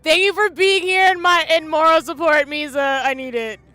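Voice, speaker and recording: A woman's voice: high voice, fairly even intonation, moderate pace, pushed and bright, no room sound, faint music behind. A woman streaming a game and chatting casually, emotional and gushing, breaking into tears. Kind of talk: casual live-stream commentary.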